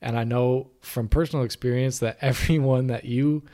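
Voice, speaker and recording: A man's voice: mid-range voice, fairly even intonation, normal speed, warm tone. A man co-hosting a podcast, talking in an earnest, reflective way about life choices. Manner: earnest, reflective, many restarts. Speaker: podcast co-host. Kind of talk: casual conversation.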